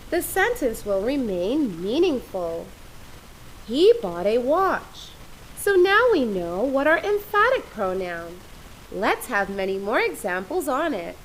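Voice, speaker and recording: A woman explains grammar at an unhurried pace. Her pitch is a little high and swings widely as she stresses each example. A faint hiss sits under the recording. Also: poor audio. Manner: patient, repeats examples with careful emphasis. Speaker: English grammar teacher. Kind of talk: slow, deliberate classroom explanation.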